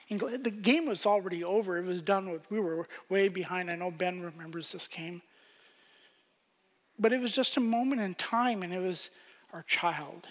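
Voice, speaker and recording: A man preaching a sermon as pastor, swinging from loud emphasis to hushed whispers. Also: high-pitched, normal speed, in a large hall.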